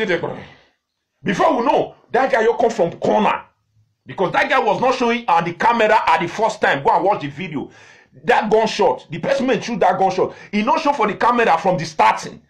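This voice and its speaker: A man with a Nigerian accent hosting a live video, chatting in a loose, repetitive way straight to his viewers. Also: high-pitched. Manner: chatty, repeats himself, talks to viewers directly. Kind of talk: casual live-stream commentary in pidgin.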